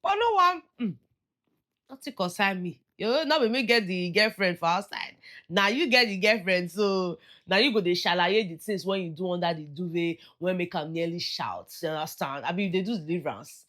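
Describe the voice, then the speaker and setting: A woman's voice: fairly low pitch, lively intonation, moderate pace, fairly bright tone. A woman with a Nigerian accent giving casual gossip commentary on a reality show, chatty and slipping into Pidgin asides. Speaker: entertainment vlogger.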